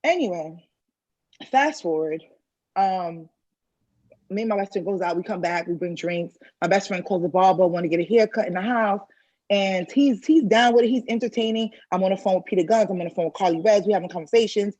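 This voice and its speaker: A woman's voice: medium pitch, brisk, a little mellow, no echo, muffled recording. A woman telling a personal story in a candid, conversational way, acting out other people's lines as she goes. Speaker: speaker sharing a personal story.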